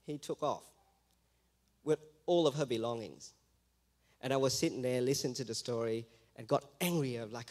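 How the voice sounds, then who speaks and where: A man speaking as a missionary, giving a church mission testimony in a lively storytelling way. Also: medium pitch, normal speed, long pauses. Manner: lively storytelling, acting out quoted voices.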